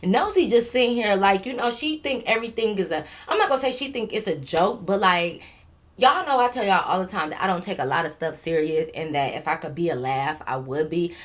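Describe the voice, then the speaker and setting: A young woman tells a storytime in casual, slangy talk. She talks animatedly and acts out what others said. Her voice sits in a middle pitch. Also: fairly quick. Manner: animated, slangy, acts out quotes and drops to a whisper. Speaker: vlogger telling a story.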